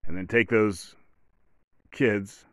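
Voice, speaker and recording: A man's voice: lowish voice, steady tone, takes it slowly, dry recording, clean studio sound. A man hosting a podcast, talking in a rambling, blunt monologue that often restarts and corrects itself. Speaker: podcast host. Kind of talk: casual monologue.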